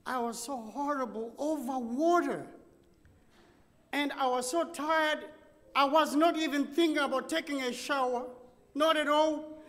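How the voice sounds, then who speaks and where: A man's voice: very high-pitched, a bit bright. A man from the United States with a Texan accent, preaching and telling a story while acting out both sides of the conversation. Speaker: pastor. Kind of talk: sermon storytelling. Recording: long reverb of a large hall.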